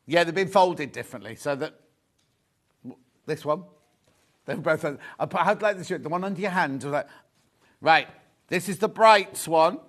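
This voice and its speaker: Guy hosting a live shopping show, bit high voice, gushes and repeats himself. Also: moderate pace, pauses often, a bit bright. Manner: chatty and gushing, repeats phrases. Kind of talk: live sales chat.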